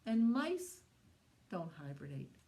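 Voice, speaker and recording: Low-voiced woman leading a children's storytime. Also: slow, gravelly. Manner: animated, coaxing voice for young children, often dropping to a hushed whisper; asks the children questions and invites them to join in. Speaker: children's librarian.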